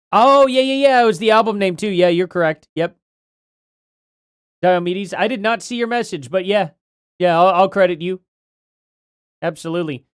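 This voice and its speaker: A man with a clean, somewhat high voice hosts a casual livestream, chatting and reading donations aloud. His words come out a little slurred because he bit his tongue, and he sounds apologetic. The recording is studio quality with no echo.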